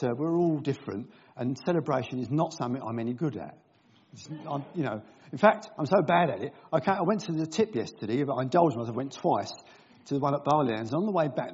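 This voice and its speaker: A man's voice: mid-range voice, darkish tone, breathy edge. An older man reading a Bible passage and then giving a humorous, self-deprecating talk full of anecdotes and voices. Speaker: speaker at a gathering. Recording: dull lo-fi recording.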